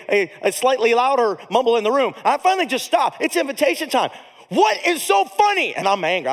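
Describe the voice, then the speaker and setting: A male pastor preaching a storytelling sermon, animated and comic, with big swings in volume. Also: very high-pitched, in a large hall.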